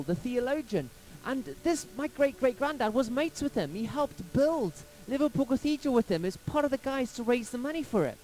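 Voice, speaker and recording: A man from England, a pastor telling a personal story in a sermon, lively and anecdotal, acting out quotes along the way. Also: very high voice, low-quality recording.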